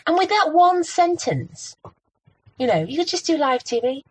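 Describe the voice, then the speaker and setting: A woman, a presenter telling stories from her career in a casual interview, very expressive and laughing often. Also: very high-pitched, moderate pace, rough recording. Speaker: radio and TV presenter.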